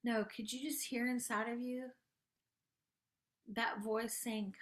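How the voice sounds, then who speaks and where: A woman with a fairly high voice leads a gentle spiritual coaching session that slides into guided meditation. She takes her time, stretching words out slowly. Her tone stays soft and tender, and it sometimes sinks to a hushed near-whisper. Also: flat delivery. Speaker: host and spiritual life coach.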